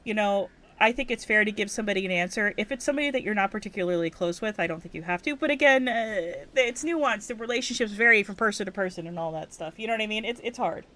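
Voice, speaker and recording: A woman's voice: medium pitch, fast, few pauses, sharp tone. A young woman from Hawaii chatting casually on a game livestream, cursing freely and getting worked up as she rants. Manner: profane, rants and gets worked up. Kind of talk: casual gaming stream chat.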